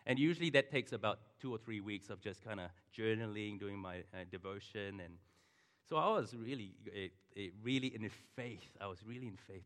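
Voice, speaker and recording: A middle-aged man delivers a sermon, moving from a personal story to asides aimed at the congregation. His voice sits a little low. The long reverb of a large church hall trails after each phrase. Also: lively intonation, normal speed. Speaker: pastor.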